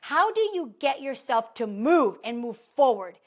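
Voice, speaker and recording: Chatty woman, pitched a little high. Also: a little slow. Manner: chatty and animated, full of "like" and "okay?". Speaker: podcast host. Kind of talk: casual motivational monologue.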